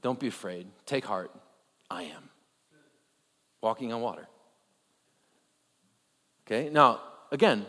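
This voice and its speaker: A man preaching a conversational sermon, animated, with joking asides and rhetorical questions. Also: medium pitch. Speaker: pastor. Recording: long reverb of a large hall.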